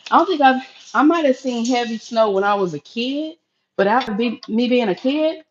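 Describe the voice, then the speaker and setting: A woman's voice: on the high side, animated, moderate pace, lo-fi sound, a little hiss or hum. Chatty middle-aged woman from Florida. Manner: chatty, addresses viewers as y'all. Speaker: live-stream host. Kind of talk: casual live-stream chat while cooking. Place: home kitchen.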